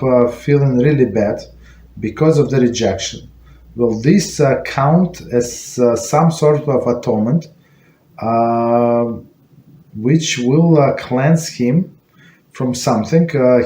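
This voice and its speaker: Guy teaching a relaxed class, lots of uhs and restarts, echoey room, bit of hiss. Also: medium pitch. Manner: halting, many fillers and restarts. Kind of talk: informal Torah lesson. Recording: echoey room with faint noise.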